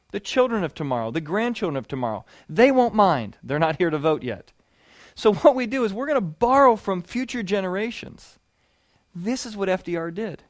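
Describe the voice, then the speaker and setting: A man with a fairly high voice teaches a sermon-style session. He talks as an animated storyteller and builds up to loud punchlines. The sound is dry and close, with no room echo. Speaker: preacher teaching a series.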